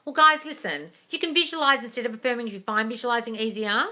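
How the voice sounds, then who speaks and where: A young woman with a fairly high, fast voice hosts a casual live Q&A stream, calling her viewers darling. She's blunt and swears freely, animated throughout and prone to loud, excited bursts.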